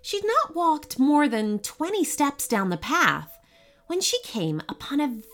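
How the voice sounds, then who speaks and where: A woman reads a children's storybook aloud, slow and expressive. Her voice is high with a wide, lively melody. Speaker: narrator. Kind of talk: storybook reading.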